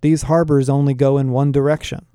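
A man's voice: medium pitch, little pitch movement, a little fast, warm tone, clean tone, dry recording, clean studio sound, natural voice. A man voicing a cocky young male lizard-person guide who talks in an offhand, dismissive way.

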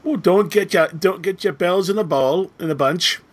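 A man's voice: high voice, normal speed. A man in a casual panel chat, tossing in joking, chatty asides.

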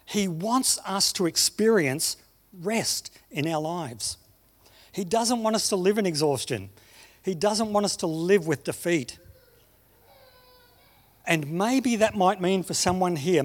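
A man preaching a sermon, telling stories and slowing down on key phrases. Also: high voice. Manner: storytelling, slows down for emphasis. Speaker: pastor.

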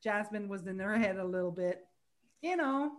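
A woman, hosting a casual podcast, chatty and quick to laugh. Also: mid-range voice, animated. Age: 40s. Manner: chatty, laughs easily, trails off. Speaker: podcast host.

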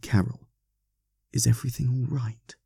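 A man's voice: mid-range voice, steady tone, moderate pace, vocal fry, mellow, breathy edge, no echo, studio quality, pitched above the performer's own voice. A man playing a mild, flustered vicar. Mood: mild, cautious. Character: mild, anxious middle-aged male vicar.

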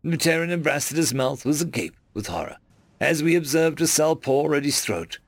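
A man reading a first-person science fiction story aloud in an earnest, expressive storytelling manner. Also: on the high side, moderate pace, gravelly, dry recording. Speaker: narrator. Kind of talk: first-person audiobook narration.

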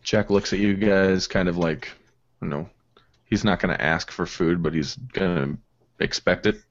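A man's voice: low-pitched, unhurried, dry recording. A man playing in a casual tabletop game, wry and laid-back as he describes his moves. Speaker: player. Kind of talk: casual tabletop role-play. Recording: dull lo-fi sound.

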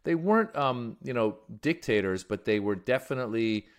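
A man's voice: mid-range voice, animated, normal speed. A male comedian who came from Iran as a child and grew up in the United States, telling stories in a casual interview with lots of restarts and fillers. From Iran, raised in the United States. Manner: rambling storyteller with many restarts and fillers. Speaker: comedian guest.

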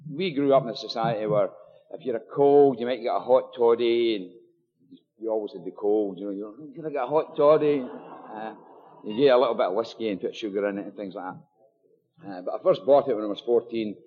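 A man's voice: on the low side, a little fast. Scottish man speaking in an echoing hall. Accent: Scottish, Glasgow area. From Scotland. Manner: chatty, joking, full of fillers and asides. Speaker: AA meeting speaker. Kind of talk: personal recovery talk at a meeting. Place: meeting hall with audience. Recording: dull live recording in a long-echo hall.

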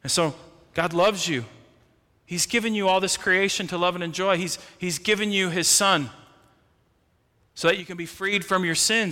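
A male pastor delivers an impassioned sermon in a church, his bright, forceful voice ringing with a long reverb. He swings between hushed, low moments and raised, emphatic bursts. He often repeats a word as he starts a new thought. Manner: impassioned preaching, swinging from quiet to loud; repeats words when starting phrases. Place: church sanctuary.

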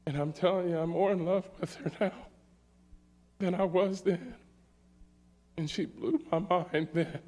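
A middle-aged man preaching a sermon, slow and emphatic, often checking in with "all right?". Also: high voice, steady tone, a little mellow. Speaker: pastor.

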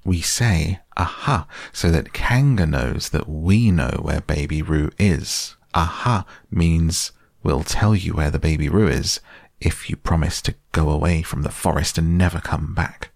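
A man's voice: very deep voice, unhurried, vocal fry, a little mellow, no room sound, studio quality, exaggerated voice. A man reading a storybook aloud, voicing a bossy, self-important male rabbit who lectures carefully. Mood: scheming.

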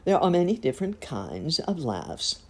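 A woman voicing a solemn, bookish wise man who speaks slowly and deliberately in a storybook reading. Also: deep voice, sing-song, slightly rough, voice pushed up, exaggerated voice. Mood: lecturing.

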